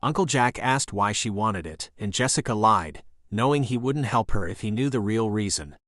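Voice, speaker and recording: A man narrating an action thriller audiobook in a steady, even reading voice. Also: on the low side, moderate pace, dry recording, clean studio sound. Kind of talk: scripted narration.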